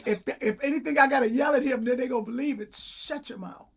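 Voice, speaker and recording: A woman co-hosting a casual chat show, teasing with quick comebacks. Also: sits high, creaky, breathy edge. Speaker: co-host.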